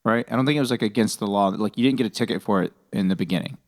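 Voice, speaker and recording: A man's voice: fairly low pitch, very fast. A man co-hosting a comedy podcast, dropping dry sarcastic quips. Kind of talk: casual comedy podcast chat.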